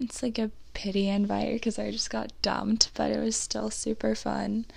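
Young woman podcast host, confessional rambler, close dry mic, a bit high-pitched. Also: level tone, a little slow, vocal fry, a little mellow, no echo. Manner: candid, swearing, rambling oversharing. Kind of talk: confessional solo podcast chat.

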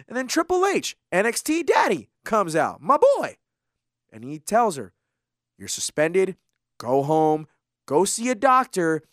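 A co-host on a wrestling podcast recaps events with fired-up, animated energy. The voice leaps around in pitch as the story builds, recorded close and dry. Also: no room sound. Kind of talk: casual wrestling podcast chat.

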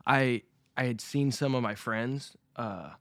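A podcast co-host telling a laid-back, profane story in casual chat. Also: male voice, mid-range voice, unhurried, dry recording.

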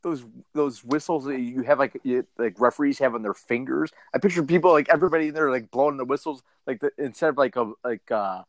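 A man's voice: medium pitch, quick pace, hardly any pauses, dry recording. A man co-hosting a comedy podcast, riffing and swearing in a disbelieving, worked-up way. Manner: animated, profane, riffing incredulously. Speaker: podcast co-host.

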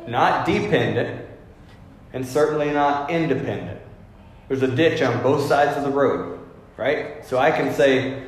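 A man's voice: medium pitch, animated, a little slow, slight background noise. A male pastor giving an emphatic, conversational sermon and acting out everyday voices as he makes his points. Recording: very echoey hall with long reverb.

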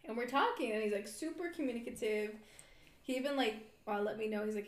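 A woman's voice: fairly high pitch, fast talker. A woman in her thirties hosting a podcast, telling a story in casual chat, acting out quotes and laughing often. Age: 30s. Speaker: podcast host. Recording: roomy echo.

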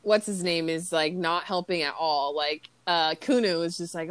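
A woman's voice: on the low side, moderate pace, clear, resonant tone, no room sound. A young adult woman co-hosting a podcast, casually recapping movie scenes, laughing and swearing as she acts out the lines. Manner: laughing, profane, acts out quotes in animated voices. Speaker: podcast co-host.

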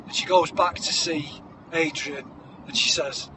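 A man telling a comic story, acting scenes out with shouted voices. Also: on the high side, steady tone, unhurried, noisy background. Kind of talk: comedic improvised storytelling.

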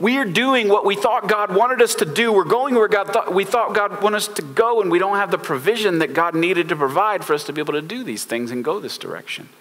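A desperate ancient king complains in a pitched-up, exasperated voice with casual modern slang, a preacher acting him out. The tone is bright and forceful. The voice rings with a long reverb, as in a big hall. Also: brisk, few pauses. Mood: panicked, exasperated.

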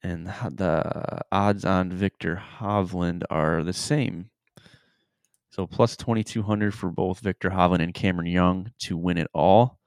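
A man's voice: deep voice, a little mellow, clear, resonant tone, dry recording, studio quality. A young man co-hosting a casual podcast, laid back and laughing often, giving sports betting picks. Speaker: podcast co-host. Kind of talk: casual chat.

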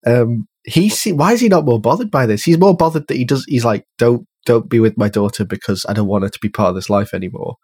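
A man's voice: mid-range voice, fast talker, few pauses, darkish tone, husky, no echo. A man chatting casually about a film, wry and joking, often laughing. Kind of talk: casual film review chat.

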